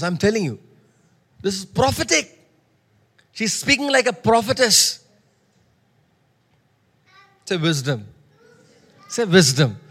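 A high-voiced male preacher delivers a sermon with emphasis. He repeats key phrases and calls on listeners to say words back to him. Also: a bit bright, slightly rough. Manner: emphatic, repeats lines, calls for audience response.

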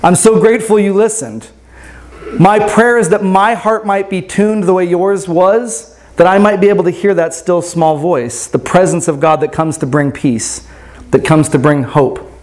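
A man with a fairly high voice delivers a sermon as a pastor, telling a story to his congregation. His delivery is loose and conversational, full of little check-ins like "right?" rather than formal preaching. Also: measured pace, a little mellow. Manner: casual, often asks "right?".

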